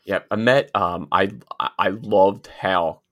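A man co-hosting a casual show chat, halting and repeating his words as he talks. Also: deep voice, fairly even intonation, fairly bright tone. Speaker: podcast co-host.

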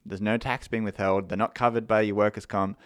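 Man, Australian accent, podcast co-host, low voice, smooth tone, relaxed explaining. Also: a little fast. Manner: relaxed, explanatory, with frequent fillers. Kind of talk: casual podcast chat.

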